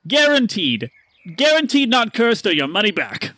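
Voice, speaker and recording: A man voicing a boastful showman merchant, with a theatrical sales pitch and drawn-out words, in a tabletop role-play. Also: wildly swooping pitch, bright, forceful tone, dry recording, heavily acted. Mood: reassuring.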